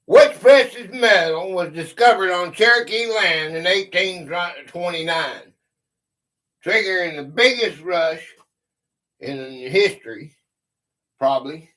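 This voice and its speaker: Slow-talking man hosting a live quiz stream. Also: on the high side, a bit bright, poor audio. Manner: drawling, chuckles at his own stumbles. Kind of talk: casual live game stream, reading quiz questions.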